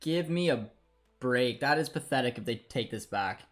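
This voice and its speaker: A young man hosting a live football watchalong stream. He reacts loudly, laughing and cheering at goals and groaning at bad calls. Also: medium pitch, lively intonation, moderate pace, faint music behind.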